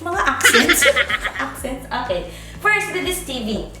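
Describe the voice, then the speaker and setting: A woman's voice: sits high, big pitch swings, a little slow. A woman giving a playful, giggly home tour, switching between English and Tagalog. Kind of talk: casual chat mixing English and Tagalog. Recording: echoey room, mic far off, loud music.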